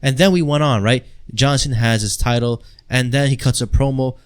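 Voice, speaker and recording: A man ranting in a heated vlog, exasperated and crude, jumping from loud outbursts to mutters. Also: mid-range voice, a little fast, clean tone. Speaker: wrestling commentary vlogger.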